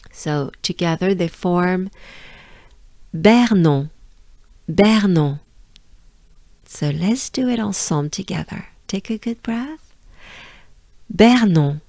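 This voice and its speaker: Slow, patient French woman teaching. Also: fairly low pitch, darkish tone, no room sound, studio quality. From France. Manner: repeats words slowly and patiently, laughs lightly. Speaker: pronunciation teacher. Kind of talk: slow pronunciation lesson.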